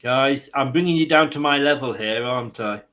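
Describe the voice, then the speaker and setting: A man's voice: medium pitch, normal speed, a bit bright. A man hosting a football watchalong stream, mixing live match commentary with rambling, self-mocking jokes.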